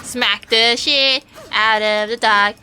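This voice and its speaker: A woman's voice: on the high side, steady tone, slow pace, pushed and bright, soft background music. A woman streamer giving casual gameplay commentary, rambling playfully to her viewers and swearing now and then.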